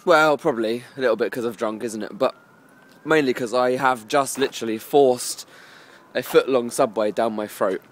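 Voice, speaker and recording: A young Englishman chats to camera in a relaxed vlog, rambling and joking about himself. He is tipsy and keeps hiccuping as he talks. His voice sits at an ordinary middle pitch. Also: normal speed. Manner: chatty, rambling, self-mocking. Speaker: vlogger.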